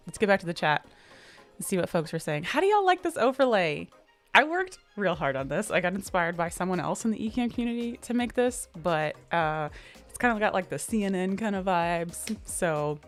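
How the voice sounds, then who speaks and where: A woman hosting a relaxed livestream, chatting casually and answering viewer comments with lots of ums and uhs. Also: low-pitched. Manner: relaxed, upbeat, drawn-out fillers. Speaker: livestream host.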